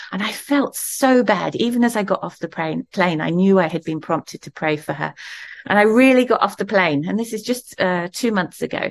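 A middle-aged woman delivering a sermon with a slightly low voice. She tells her story in a warm, conversational way and laughs easily between lines. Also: creaky. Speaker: preacher.

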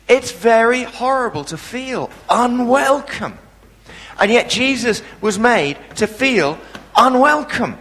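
A man's voice: high-pitched, fairly bright tone, big-room sound, rough recording. A man preaching a sermon, telling a story with animation and asking the congregation questions.

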